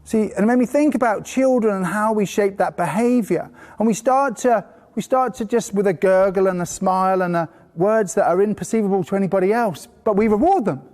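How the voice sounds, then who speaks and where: A man teaching a horse-training course to a live group indoors, telling lively stories and bursting into playful praise voices. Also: high-pitched, fairly quick, few pauses. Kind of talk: live workshop talk to a group. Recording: long hall reverb.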